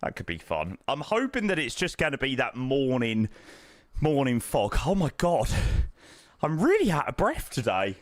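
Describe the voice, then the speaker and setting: A man's voice: medium pitch, wildly swooping pitch, normal speed, no echo, studio quality. A young man streams from home, chatting casually and thanking viewers in a self-deprecating way. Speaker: flight simulator streamer. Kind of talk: casual live-stream chat.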